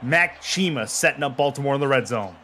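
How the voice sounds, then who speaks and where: A male play-by-play announcer calls a football sim game with quick, punchy play calls. He stays even between snaps and then shouts on big plays. A faint hiss of noise sits under his voice. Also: medium pitch. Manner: calm play calling that jumps to excited shouting on big plays. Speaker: play-by-play commentator. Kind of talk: live sports play-by-play.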